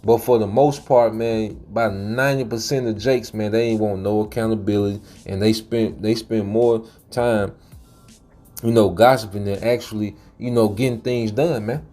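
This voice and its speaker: Preachy man with a dark mellow voice. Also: lowish voice, fairly even intonation, normal speed, faint music behind. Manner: preachy, repeats "man" and "okay"; frequent laughs and fillers. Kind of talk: casual monologue.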